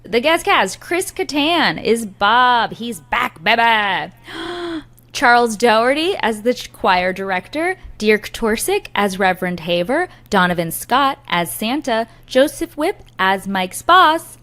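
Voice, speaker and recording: A middle-aged woman co-hosting a podcast in casual chat, lively and quick with jokes and asides. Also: a little high. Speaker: podcast co-host, actor.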